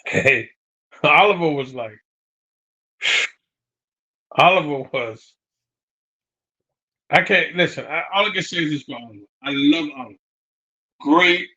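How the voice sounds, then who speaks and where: This middle-aged boxing trainer, appearing as an interview guest, tells stories casually, acts out quotes, and tags his lines with "man" and "you know what I mean." His voice is fairly high-pitched, bright, and forceful.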